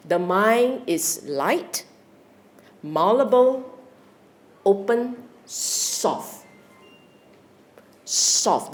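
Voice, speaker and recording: A woman giving a meditation Dharma talk, questioning her listeners and acting out inner voices. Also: mid-range voice. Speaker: Buddhist meditation teacher.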